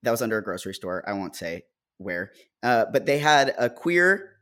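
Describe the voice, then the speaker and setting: Wry American co-host, mid-pitch. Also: male voice, very animated, moderate pace, bright, forceful tone. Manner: wry, anecdotal storyteller. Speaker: podcast co-host. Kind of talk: casual podcast chat.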